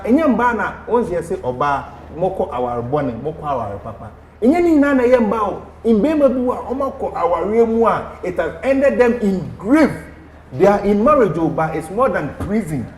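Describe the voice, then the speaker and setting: A Ghanaian man on a talk-show panel hands out advice in an emphatic, preaching way. His fairly high voice swings widely in pitch. The sound is roomy, with a faint hum underneath. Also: darkish tone.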